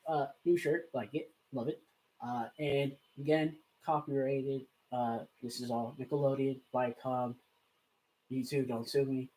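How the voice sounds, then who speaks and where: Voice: mid-range voice, steady tone, measured pace, dark tone, rough recording. Chatty YouTuber rambling casually. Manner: loose, chatty, rambling with fillers. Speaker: YouTuber reacting to clips. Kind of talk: casual reaction commentary.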